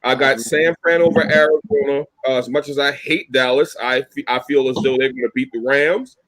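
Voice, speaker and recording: A man's voice: medium pitch, a little fast, fairly bright tone, dry recording, poor audio. A man co-hosting a casual sports podcast, steadily listing his picks with dry jabs. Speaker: podcast co-host.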